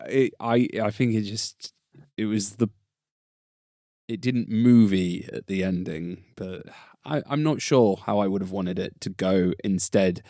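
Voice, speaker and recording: Low-voiced man, chatty podcaster. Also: measured pace, dark tone, dry recording, studio quality. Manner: chatty, jumps into high-pitched mock quotes. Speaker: podcast co-host. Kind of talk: casual film review chat.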